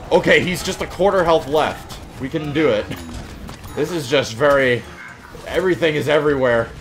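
Guy commenting on his game, kinda high voice, bit of music under it. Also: normal speed, a bit bright. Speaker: gaming YouTuber. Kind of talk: gameplay commentary.

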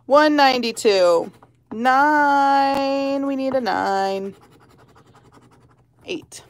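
A woman's voice: sits high, very slow. A woman hosting a lottery-ticket channel, chatting casually and giggling as she calls out numbers one by one. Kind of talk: casual chat while scratching tickets.

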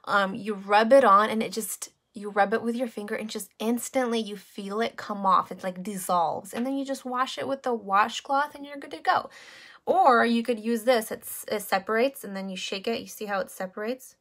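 A woman's voice: a little high, steady tone, moderate pace, fairly bright tone. Chatty woman selling makeup on a live stream. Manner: chatty, greets viewers by name, many fillers. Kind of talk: casual live-stream chat.

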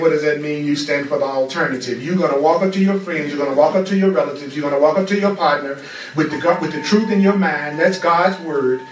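A man's voice: fairly high pitch, fast talker, slight background noise. A man teaching a spiritual class with a fervent, repetitive preaching cadence. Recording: roomy echo, far from the mic.

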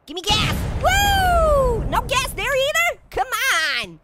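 Over a noisy background, a man speaks at a moderate pace in a very high-pitched, very animated voice. He plays a cheeky, hyper male talking orange, giggling, wisecracking and laughing constantly through goofy, comedic game commentary.

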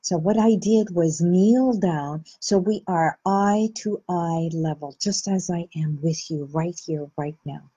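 A woman with a low, husky voice hosts a reflective self-help talk. She speaks slowly and gently, letting her words settle between soft pauses. The recording sounds dull and lo-fi. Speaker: host.

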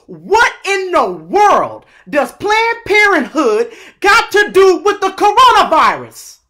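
American guy ranting on his vlog, real high voice, drags it out slow, keeps asking y'all the same question over and over. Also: huge pitch swings. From United States. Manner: exasperated, repetitive rhetorical questions, addresses viewers as y'all; emphatic, at times shouting. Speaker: online commentator. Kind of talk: impassioned political rant to camera.

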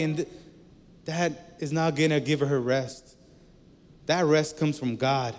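Male preacher, slightly high voice, chatty storytelling sermon, echoey hall. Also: fairly even intonation, measured pace, pauses often.

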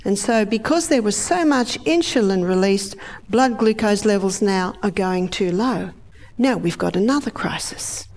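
A middle-aged woman giving a lively health lecture, acting out the body's organs in high, excited voices. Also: unhurried.

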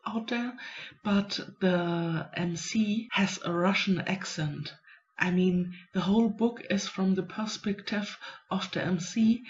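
A woman, a writing vlogger musing aloud to herself in a casual, unhurried way. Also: lowish voice. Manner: musing, unhurried, self-talking. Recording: dull lo-fi recording.

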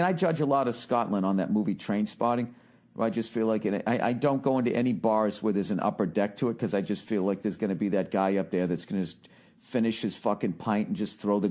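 A man's voice: mid-range voice, a little mellow. A man in his forties from the United States, hosting a podcast and giving advice in a profane, rambling, jokey monologue. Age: 40s. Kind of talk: casual monologue.

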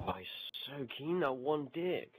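Man chatting over loud gunfire. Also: medium pitch, sing-song, a little slow, background noise. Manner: banter and jokey voice attempts. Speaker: gamer. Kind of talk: casual gaming chat. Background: loud game gunfire.

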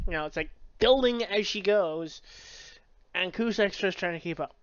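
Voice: mid-range voice, normal speed, smooth, dry recording, dull audio. A book reviewer in a casual review, rambling with many fillers and frequent swearing. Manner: rambling, filler-heavy, profane.

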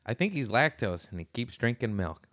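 Man, podcast host, casual joking chat, animated pitch, laughs a lot. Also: normal speed.

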